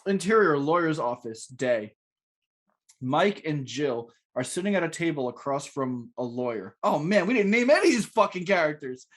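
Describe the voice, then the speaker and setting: A male podcast co-host reads stage directions and jokes around crudely, laughing often. His voice sits a little high and moves with lively ups and downs. He speaks into a podcast mic. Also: normal speed. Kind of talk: casual chat, reading stage directions.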